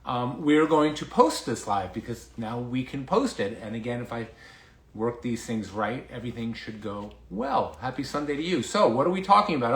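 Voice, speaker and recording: A man, a dermatologist, hosting a casual livestream, chatty and excitable, rambling with lots of fillers, a little out of breath. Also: mid-range voice, normal speed. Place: home basement. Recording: echoey room.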